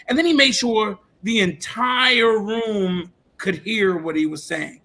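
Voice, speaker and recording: A man in a casual podcast chat, telling a lively story with swearing and frequent laughs. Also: high voice, slow, hardly any pauses.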